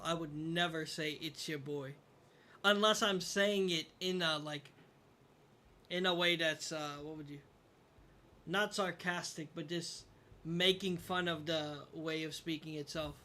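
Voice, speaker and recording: A man's voice: a little high, steady tone, unhurried, bright, forceful tone. A young man streaming a game, casually commenting to his chat, frustrated, swearing and mocking himself. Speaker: gaming streamer.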